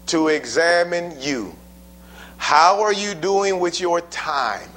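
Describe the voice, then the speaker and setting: A preacher with a notably high voice delivers a sermon to his congregation. He is emphatic and folksy, drives points home with rhetorical questions, and loosens things up with casual asides. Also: a bit bright. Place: church building before a congregation.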